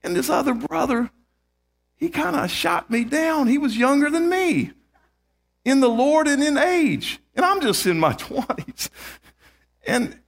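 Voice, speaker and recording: Male preacher, sermon, high voice, emphatic, repeats key words, calls out amen, slow deliberate delivery. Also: big pitch swings, creaky.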